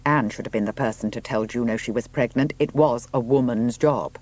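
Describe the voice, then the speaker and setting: A man's voice: medium pitch, brisk, few pauses. Man narrating an audiobook. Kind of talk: scripted narration.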